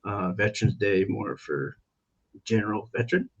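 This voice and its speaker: American male veteran on a podcast, relaxed and chatty, slightly muffled. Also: fairly low pitch, moderate pace, creaky, husky. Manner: laid-back, uses "dude" and "like" often. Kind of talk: casual podcast chat.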